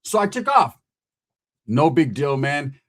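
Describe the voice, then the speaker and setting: A man from California tells a long, rambling story full of swearing and street slang. His voice sits a little high and has a husky edge. He jumps in and out of the other characters' voices as he goes. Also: big pitch swings, slow. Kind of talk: casual storytelling monologue.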